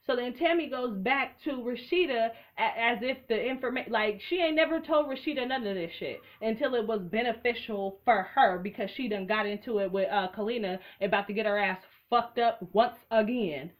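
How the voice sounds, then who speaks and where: A woman's voice: on the high side, moderate pace, few pauses. A young woman giving a casual, blunt and profane commentary, full of sassy asides. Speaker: reality TV commentator.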